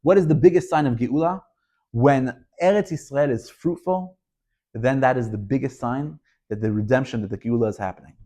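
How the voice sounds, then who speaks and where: A rabbi gives a Torah lesson in an emphatic, storytelling voice. This man keeps raising rhetorical questions and presses each point home, in a middle-pitched voice. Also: normal speed, mellow. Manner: storytelling delivery. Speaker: rabbi teaching.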